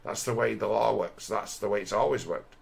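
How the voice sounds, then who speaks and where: A man's voice: lowish voice, brisk, creaky. A man giving a crude, scornful commentary over a video, often mimicking the people he mocks.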